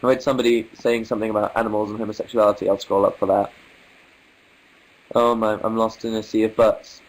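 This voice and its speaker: A man's voice: on the low side, little pitch movement, fast, low-quality recording. A young English man hosting a casual livestream, reading viewer comments aloud with wry, amused asides in an articulate manner. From England. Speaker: livestream host.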